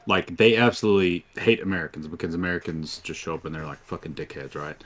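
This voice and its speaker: A man's voice: low voice, quick pace, a bit bright. A man playing in a tabletop game, chatting casually and bluntly, with some swearing. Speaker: player.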